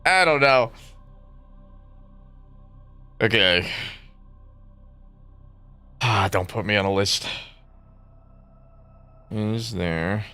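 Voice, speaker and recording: Bright, lively young streamer guy. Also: fairly low pitch, extremely slow, pauses often, clean tone, soft background music. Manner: rambling, profane, laughing. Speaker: game streamer. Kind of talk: casual livestream chat.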